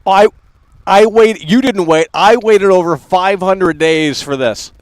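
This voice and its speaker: A man's voice: sits high, takes it slowly, no echo. A man hosting a live stream talk show, ranting in a profane, exasperated way and laughing scornfully as he mocks what he sees. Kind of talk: unscripted live stream rant.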